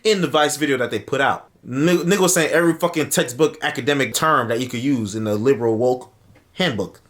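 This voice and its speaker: A man telling a story in an animated commentary video, swearing casually, acting out what people said and laughing often. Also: mid-range voice, quick pace. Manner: lively, swears casually, acts out quotes.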